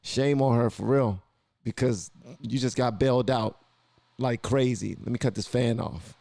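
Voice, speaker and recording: A man's voice: medium pitch, a little slow, creaky, dark tone, no room sound. Loose-talking man reacting to a clip. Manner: loose, colloquial, repeats himself. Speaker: reaction video host. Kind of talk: casual reaction commentary.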